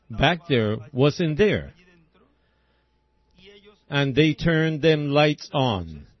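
Folksy preaching man, dull old recording. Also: medium pitch. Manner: folksy, rhythmic preaching with repeated "see?". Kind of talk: sermon.

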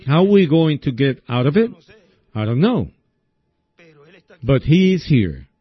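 A man preaching a sermon in a slow, folksy storytelling way, often asking his listeners "see?". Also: fairly high pitch, big pitch swings, slightly rough, dry recording. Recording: dull lo-fi recording.

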